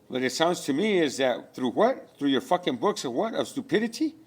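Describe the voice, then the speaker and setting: A man's voice: on the high side, very animated, brisk, breathy edge. A man delivering a rambling spiritual rant, profane and preachy, full of rhetorical questions.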